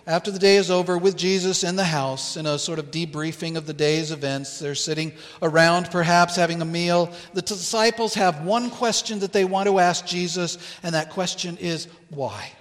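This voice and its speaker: A man preaching a sermon as pastor in a church, earnest and deliberate, pausing to stress key words. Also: high-pitched, steady tone, long reverb tail. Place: church sanctuary.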